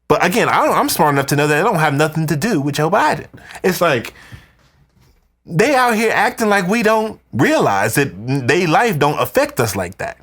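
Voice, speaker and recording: Podcast guy going off in a monologue, voice jumping all over, conspiratorial. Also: mid-range voice. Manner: animated, conspiratorial ranting. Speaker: podcast host. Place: indoors, wearing headphones.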